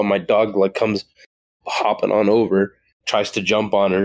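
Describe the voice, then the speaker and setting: Young male podcast co-host, low-pitched, rambling, profane storyteller. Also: level tone, normal speed, darkish tone. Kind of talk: crude casual chat.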